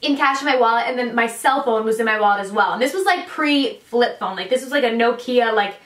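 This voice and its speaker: A woman's voice: on the high side, fairly quick, fairly bright tone. Chatty young woman in an echoey room. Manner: chatty, many fillers. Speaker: vlogger. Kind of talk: storytime vlog. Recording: echoey room, distant mic.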